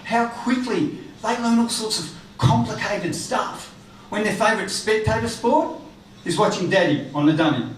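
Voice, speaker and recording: High-voiced comic in an echoey room. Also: male voice, a little hiss or hum. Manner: chatty, teasing the crowd with quick asides. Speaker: stand-up comedian. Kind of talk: stand-up comedy set. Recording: echoey room, distant from the mic.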